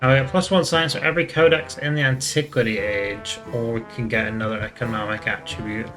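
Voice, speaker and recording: A man hosting a gaming channel, reading game text aloud in an even, matter-of-fact way with casual asides while he plays. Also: mid-range voice, fairly quick, faint music behind.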